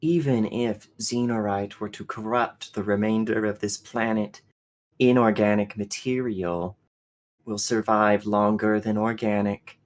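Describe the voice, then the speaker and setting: A man voicing a cold, hateful ancient female machine ruler in a tabletop role-play, with a slow, contemptuous, seething delivery. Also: lowish voice, level tone, natural voice, low-quality recording. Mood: seething contempt.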